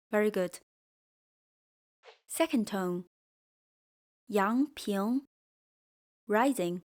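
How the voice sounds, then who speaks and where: A woman teaching a pinyin lesson, speaking slowly and clearly and leading repeat-after-me drills. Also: medium pitch, darkish tone. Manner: slow, clear, drills repetition. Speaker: Mandarin teacher. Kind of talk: scripted language lesson.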